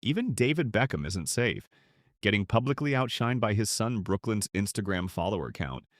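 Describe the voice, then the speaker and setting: A man's voice: fairly low pitch, big pitch swings, normal speed, a little hiss or hum. A man narrating a celebrity compilation in a scripted voice-over.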